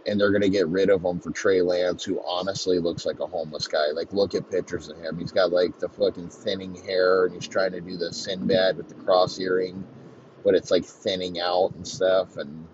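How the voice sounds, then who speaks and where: Deep-voiced profane rambling man. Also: little pitch movement, normal speed, dull audio, background noise. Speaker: podcast host. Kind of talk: crude comedic sports rant.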